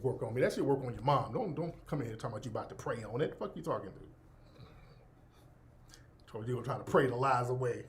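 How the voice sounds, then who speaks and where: A middle-aged man hosting his own radio show, telling a profane, animated story in a casual monologue and breaking into laughter. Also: mid-range voice, fast, pauses often, a little hiss or hum.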